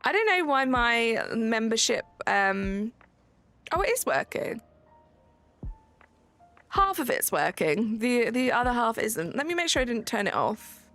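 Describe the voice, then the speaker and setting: A woman in her thirties hosting a gaming livestream, chatting casually and rambling with lots of fillers. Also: a little high. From United Kingdom. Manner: relaxed, rambling, many "like" fillers. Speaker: livestream host. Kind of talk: casual chat while gaming, reading chat. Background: faint background music.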